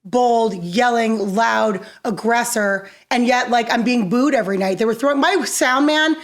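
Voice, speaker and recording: A woman guest on an interview show, telling stories in a lively, animated way, laughing often and acting out quoted voices. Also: fairly high pitch, a little slow. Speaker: musician guest. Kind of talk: casual interview storytelling.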